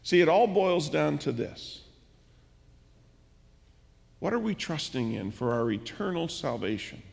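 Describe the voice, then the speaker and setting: A man's voice: fairly high pitch, expressive, measured pace, gravelly. A male pastor preaching a sermon, telling a story and acting out its dialogue. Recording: church hall with long reverb.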